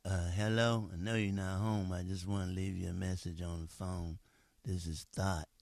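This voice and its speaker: A man voicing a sleazy middle-aged male ex who leaves voicemails, smooth-talking and chuckling through his lines. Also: low voice, level tone, moderate pace, a little mellow, no room sound, pitched below the performer's own voice. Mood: coaxing, sleazy. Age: 50s.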